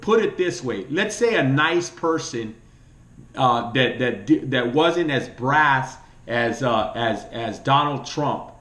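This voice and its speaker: A man with a Latino American accent ranting about politics and pleading like a preacher, emotional, his voice jumping up high and dropping low. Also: expressive, takes it slowly, a bit bright, roomy sound. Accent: Latino American English. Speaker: vlogger. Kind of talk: impassioned political rant.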